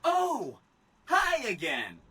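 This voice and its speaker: An actor playing a cheerful, eager male robot assistant in a video game, with a bright, chirpy voice. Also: extremely high pitch, wildly swooping pitch, drawn-out words, husky, full character voice, poor audio.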